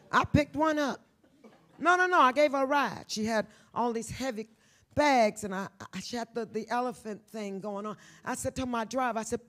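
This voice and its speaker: A woman in her sixties, an author guest on stage at a live book event, talking to the audience in a brash, profane, stand-up style, swinging from shouts to hushed near-whispers. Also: a little high, moderate pace. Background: faint audience murmur and laughter.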